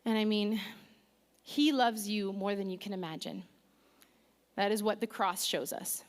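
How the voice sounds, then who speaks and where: A woman preaching a sermon to her church, lively and self-deprecating, joking and calling out to the congregation. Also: medium pitch, measured pace. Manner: lively, self-deprecating humor, engages audience. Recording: long reverb of a large hall.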